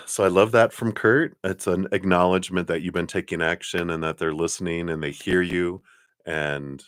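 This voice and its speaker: Low-voiced guy doing live tarot readings, kinda rambly, lots of ums, dry sound. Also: steady tone, moderate pace, no room sound. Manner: rambling, warm spiritual talk with fillers and laughs. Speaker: tarot reader. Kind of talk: live-stream card reading.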